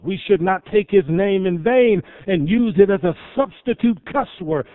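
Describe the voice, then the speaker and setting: A man with a fairly high voice preaches a sermon, swinging from loud, emphatic peaks down to hushed, slow phrases. The sound is thin and phone-like, with a dry, close feel. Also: expressive, no echo. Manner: swells loud then drops soft, dramatic pauses. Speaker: pastor.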